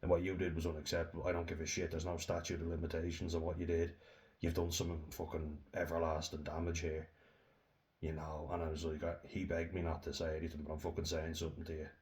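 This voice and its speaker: A man's voice: sits low, completely flat delivery, fast, darkish tone. A young Irish man telling a heated, sweary personal story to camera, laughing now and then. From Ireland. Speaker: vlogger. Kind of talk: casual storytelling monologue.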